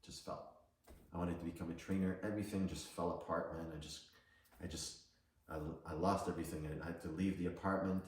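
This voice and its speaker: Deep-voiced man in a very echoey room. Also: fairly even intonation, a little fast. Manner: casual, storytelling, laughs between lines. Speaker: psychic medium and coach. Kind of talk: motivational personal story. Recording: very echoey room, distant from mic.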